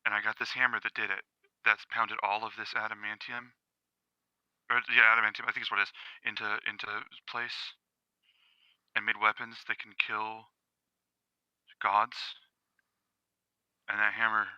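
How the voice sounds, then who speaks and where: A proud, gruff old smith god speaks in a low, deliberate hush, as a man puts him on. The tone is very bright and close. The sound is dry and a little dull. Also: level tone, dry recording. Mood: quiet warning.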